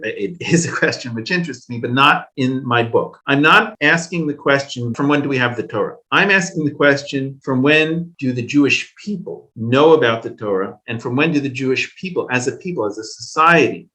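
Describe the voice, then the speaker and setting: A man speaking as a guest on an interview podcast, laying out his ideas in a measured academic way. He leans on repetition, restating key phrases to drive each point home. His voice sits at a middling pitch. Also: fairly bright tone. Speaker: guest, archaeology professor. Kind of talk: explanatory interview talk.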